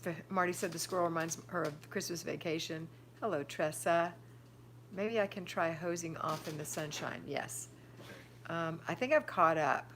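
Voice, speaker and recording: Hosting a live stream, an older woman chats casually, reads out what viewers write, and gives firm advice on homemaking. Her voice sits low and is a bit bright, at normal speed, with a little hiss or hum behind it.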